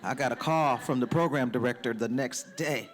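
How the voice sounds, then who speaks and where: A man's voice: mid-range voice, moderate pace. A man on a discussion panel, a DJ and radio host, telling anecdotes animatedly and acting out what people said. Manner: animated, acts out quotes.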